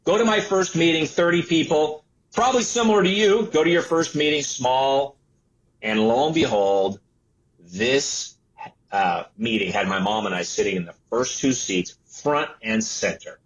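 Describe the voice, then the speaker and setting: With poor audio quality, a man in his sixties, an entrepreneur and author, recounts his life as an interview guest. He speaks at normal speed in a mid-range voice, animated, voicing the people he quotes.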